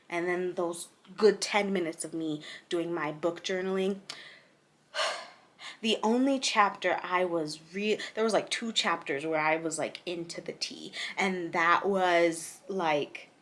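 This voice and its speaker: Bright-voiced young woman ranting casually. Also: lowish voice. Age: 20s. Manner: frank, exasperated ranting with frequent laughs. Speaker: book reviewer. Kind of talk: casual chat.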